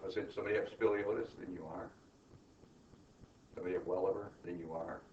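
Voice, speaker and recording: A man's voice: low-pitched, fairly even intonation, fast talker, darkish tone. A middle-aged man lectures a class on accounting in an emphatic way, constantly checking in with his students. His voice is caught from far off in a reverberant classroom, the sound muffled and a little dull, with faint room noise behind. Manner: emphatic, peppers questions with "right?" and "okay?". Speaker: accounting instructor.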